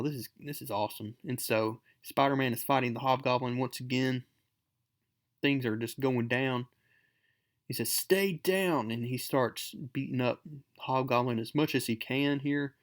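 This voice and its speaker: A man hosting a casual comic book recap, talking in a chatty, enthusiastic way. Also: medium pitch.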